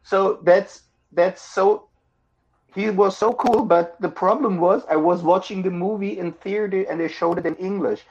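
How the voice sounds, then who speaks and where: A man speaking English as a podcast guest, halting and searching for words. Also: sits high, steady tone, darkish tone. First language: German. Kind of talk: casual chat. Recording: dull lo-fi audio.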